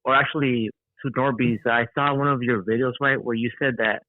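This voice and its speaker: A man's voice: medium pitch, steady tone, fairly quick, no room sound. A man calling into a radio show, eager and rambling. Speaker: caller. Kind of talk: phone call into a radio show. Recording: tinny phone line.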